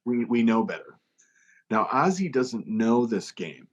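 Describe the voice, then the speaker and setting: A man telling a story in casual chat, animated, jumping into a higher voice for quoted lines. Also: unhurried, lo-fi sound. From United States. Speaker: podcast guest, touring musician.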